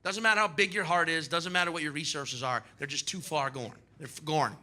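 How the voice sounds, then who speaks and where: A male stand-up comedian from the United States performing live on stage, animated and profane with sudden shouted bursts. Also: on the high side, a little fast, slight background noise.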